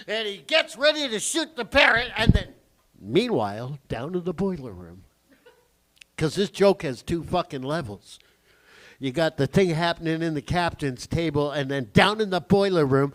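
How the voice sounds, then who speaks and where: A man's voice: sits high, animated, unhurried, fairly bright tone. A male comedian telling an old vaudeville joke on stage, rambling, swearing and restarting as he loses his place. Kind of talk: live stand-up joke telling. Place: small cafe lounge stage.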